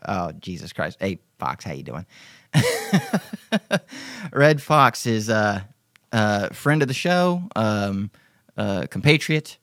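A man's voice: mid-range voice, creaky, no echo, clean studio sound. A man hosting a casual live Q&A podcast, talking in a profane, rambling, joking way. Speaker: podcast host.

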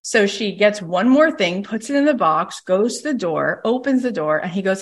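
Animated woman coach telling a story. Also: medium pitch, fairly quick, few pauses. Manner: animated storyteller, acts out the people she quotes. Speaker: coach and podcast host.

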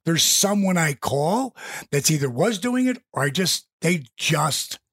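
A man telling stories as an interview guest, animated and laughing as he goes. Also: on the high side, a little slow, breathy edge, no room sound, studio quality. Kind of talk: casual storytelling. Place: home.

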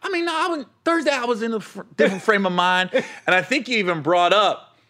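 Animated, laughing comedian telling road stories. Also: male voice, high-pitched, a little fast. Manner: laughs often, acts out voices of others. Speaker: touring stand-up comedian. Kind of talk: casual storytelling chat.

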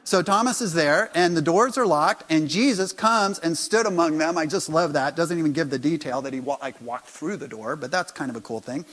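A man preaching a sermon in church, animated, jumping from quiet remarks to loud acted-out lines. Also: on the high side, fairly quick, few pauses. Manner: animated, acts out dialogue with sudden loud bursts. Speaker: pastor.

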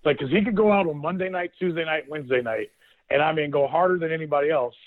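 A man in his thirties tells a story in a loose, animated way, breaking into laughter and acting out what others said. His voice sits on the high side. It comes through a thin, phone-like line with no room sound. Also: fast, no room sound. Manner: animated storyteller, laughs often, quotes people. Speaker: former football player, guest. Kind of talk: casual storytelling on a call-in show.

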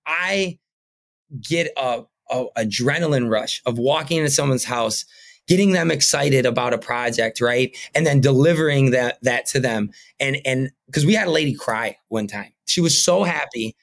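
Brief: a man at mid pitch, a podcast guest, earnest and rambling, full of fillers. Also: animated, normal speed, gravelly. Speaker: podcast guest, painting company owner. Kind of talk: casual interview talk.

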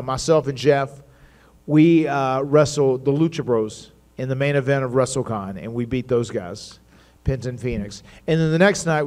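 A man telling wrestling stories at a live stage show, acting out what other people said. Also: medium pitch. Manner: animated storyteller acting out others' lines.

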